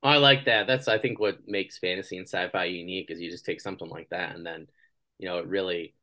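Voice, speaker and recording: This interview podcast is hosted by a man in his thirties whose voice sits low and moves at a quick pace. He's a lively, casual storyteller who performs the voices of the people in his anecdotes.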